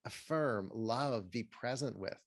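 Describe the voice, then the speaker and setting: A man, a therapist and author, giving earnest, measured advice as an interview guest. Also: mid-range voice, no room sound. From Pasadena, California.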